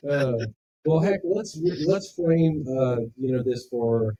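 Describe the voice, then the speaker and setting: A man's voice: medium pitch, lively intonation, slow, mellow, low-quality recording. A man hosting a podcast, asking loose, rambling questions full of fillers. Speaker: podcast host.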